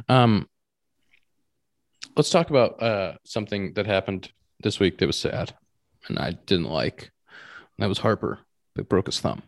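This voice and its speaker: A man co-hosting a podcast, chatting casually and telling animated stories, repeating words for emphasis. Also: lowish voice, measured pace, vocal fry, pauses often. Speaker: podcast co-host, pro baseball player. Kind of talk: casual chat.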